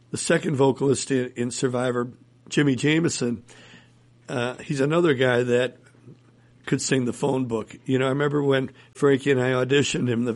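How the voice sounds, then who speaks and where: A man, a musician guest in an interview, telling rambling anecdotes and chuckling often. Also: medium pitch. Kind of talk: casual interview storytelling.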